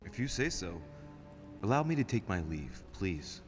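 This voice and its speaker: A man's voice: deep voice, very animated, moderate pace, over music. An actor playing a cool, dry-witted young nobleman who speaks in an understated, ironic way. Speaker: player character in a story game.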